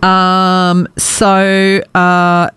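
A woman's voice: on the low side, monotone, extremely slow, fairly bright tone, clear, resonant tone, no room sound. A woman hosting a radio show, chatting casually and joking with fillers. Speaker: radio host.

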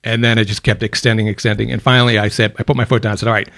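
Radio guest, American man, fifties, low-voiced, dry studio sound, chatty. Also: level tone, rapid-fire, gravelly, a bit bright, dry recording. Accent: softened American, mixed. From Boston, USA. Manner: chatty storyteller, self-deprecating jokes. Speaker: guest, volunteer coordinator. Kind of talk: casual radio interview.

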